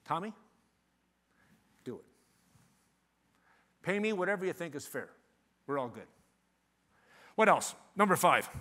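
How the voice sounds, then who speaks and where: Older male sales trainer, bright, high voice, animated joking storyteller at a conference. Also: big-room sound. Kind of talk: live conference presentation. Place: conference venue.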